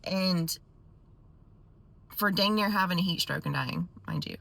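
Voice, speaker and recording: A woman vlogger telling a story to her viewers in a casual, animated way with quick asides. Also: lowish voice, creaky.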